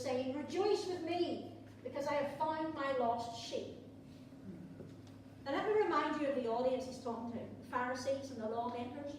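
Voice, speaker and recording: A woman's voice: high voice, slight background noise. A woman preaching a sermon in a church, conversational with playful asides. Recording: echoey church hall from far off.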